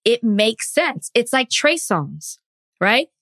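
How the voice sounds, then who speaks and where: A woman co-hosting a podcast, giving her opinions in a measured, deliberate way. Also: fairly high pitch, big pitch swings, a bit bright, no room sound, studio quality. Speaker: podcast co-host. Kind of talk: casual podcast discussion.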